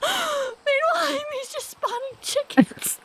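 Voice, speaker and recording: A woman streamer hosting a casual gameplay chat, given to loud swearing exclamations. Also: very high-pitched, takes it slowly, background noise. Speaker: streamer host.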